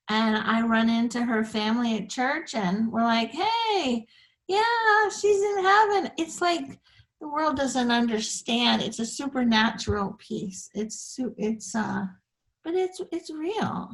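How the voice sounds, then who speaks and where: Host, woman in her sixties, high voice, earnest and animated, prone to stammering repeats. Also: measured pace. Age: 60s. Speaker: show host. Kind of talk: faith talk interview.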